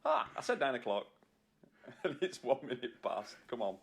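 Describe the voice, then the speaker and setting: A man co-hosting a podcast in casual chat, joking and teasing and quick to laugh. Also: medium pitch, huge pitch swings, creaky. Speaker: podcast co-host.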